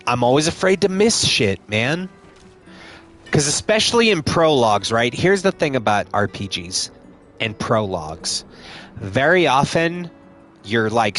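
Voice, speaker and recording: A man's voice: medium pitch, animated, measured pace, a bit bright. A man casually commenting on a game he streams live, joking and swearing, with game music behind.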